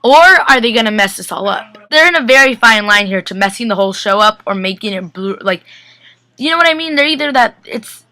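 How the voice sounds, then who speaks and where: A young woman gushing about a TV episode in a casual webcam vlog, chatty and excitable, full of "like" and "guys". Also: medium pitch, a little fast, dry recording. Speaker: TV recap vlogger. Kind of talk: casual chat.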